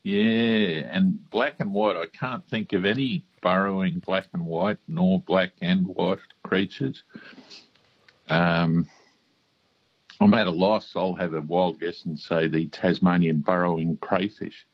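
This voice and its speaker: A man's voice: low voice, steady tone, slow pace, husky, no echo. A man calling in to a radio quiz, hesitant and thinking aloud as he guesses. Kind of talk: phone-in quiz answer. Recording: muffled phone line.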